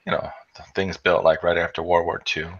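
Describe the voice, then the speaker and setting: A man's voice: deep voice, fairly quick, breathy edge. A man from the area, chatting casually on a stream and rambling with many fillers and restarts. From Chicago area, US. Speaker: stream co-host. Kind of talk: casual chat. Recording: dull lo-fi with steady noise.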